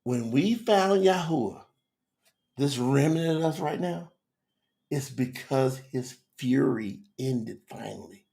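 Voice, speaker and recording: A man's voice: mid-range voice, lively intonation, takes it slowly, creaky, dark tone. A man teaching scripture on a live stream with fervent, preacherly passion, talking straight to his chat viewers.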